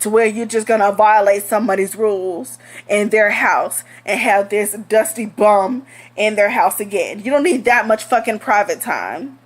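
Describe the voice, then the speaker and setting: A woman's voice: medium pitch, normal speed. A young woman telling a storytime vlog in a blunt, heated, profane way. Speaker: vlogger.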